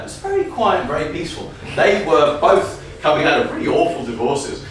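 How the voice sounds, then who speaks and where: A man telling an improvised comic story on stage, energetic and often laughing as he riffs on audience prompts. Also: a little high. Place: comedy venue stage. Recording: echoey room from far off, faint noise.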